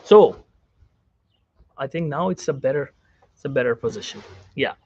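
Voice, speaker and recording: A man's voice: mid-range voice, expressive, normal speed, darkish tone, no echo, lo-fi sound. A man, a doctor, giving a seated self-help psychology talk, repeating phrases and asking the viewer questions. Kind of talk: direct-to-camera self-help lecture. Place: seated on a chair.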